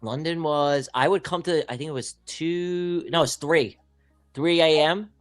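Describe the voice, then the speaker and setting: A man's voice: fairly high pitch, unhurried, no echo. A young man from the New York area, a guest trader in casual livestream chat, talking bluntly and emphatically and swearing freely.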